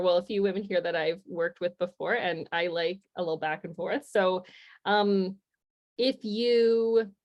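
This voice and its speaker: A woman's voice: medium pitch, a little mellow. Upbeat chatty woman in her forties. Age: 40s. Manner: chatty and upbeat, laughs often. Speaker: guest presenter. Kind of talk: informal webinar presentation. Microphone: video call.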